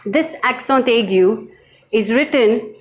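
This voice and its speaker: Slow, careful woman teaching a lesson. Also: a little high, low-quality recording. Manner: slow, careful, repeats words for learners. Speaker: French teacher.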